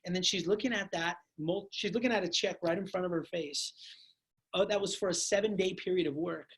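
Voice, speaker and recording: A man giving an energetic motivational training talk to his sales team, speaking to them as "guys" and telling stories full of quoted dialogue. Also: high voice, a little fast, slightly rough. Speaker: network marketing team trainer.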